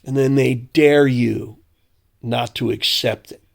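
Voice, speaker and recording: A man ranting in angry, sarcastic commentary with a gravelly voice. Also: medium pitch, steady tone, slow.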